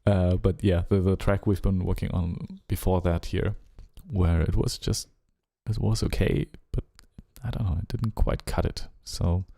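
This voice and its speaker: Man, German accent, mellow low voice, casual live-stream producer chat. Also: a little slow, gravelly, few pauses. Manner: musing and relaxed, hums rhythms aloud, trails off.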